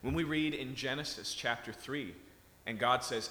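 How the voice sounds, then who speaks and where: With a medium-pitched voice that sounds pushed and bright, a man preaches at a normal speed. His sermon feels conversational, with regular check-ins with listeners, recorded in an echoey hall with a bit of hiss or hum.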